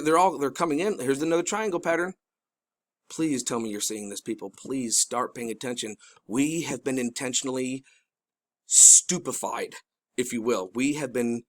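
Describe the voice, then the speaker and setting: Urgent, pleading middle-aged man. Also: medium pitch. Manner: rambling with restarts. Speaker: video host. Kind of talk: casual narrated commentary.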